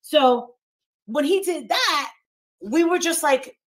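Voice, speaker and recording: A woman's voice: high voice, animated, takes it slowly. A woman hosting a livestream, ranting heatedly and combatively, swearing constantly and repeating herself for emphasis. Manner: talks over others, repeats herself for emphasis. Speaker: livestream host.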